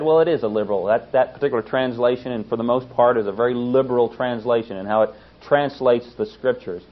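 A man's voice: fast talker, few pauses. Earnest man teaching scripture, lo-fi. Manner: earnest, emphatic, rises in pitch to stress points. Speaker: Bible teacher. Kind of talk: sermon-style Bible teaching. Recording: dull lo-fi recording.

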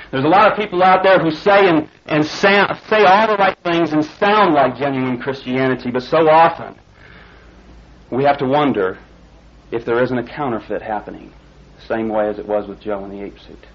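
A man's voice: medium pitch, normal speed, muffled recording. A man preaching a sermon, telling a folksy illustration story before turning to scripture. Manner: folksy storytelling, rising excited when telling the climax.

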